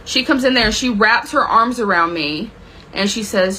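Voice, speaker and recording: At a moderate pace, a woman with a fairly high, bright, forceful voice tells a dramatic personal story to camera. She's intense and emotional, swearing often, and the rough recording carries a little hiss or hum.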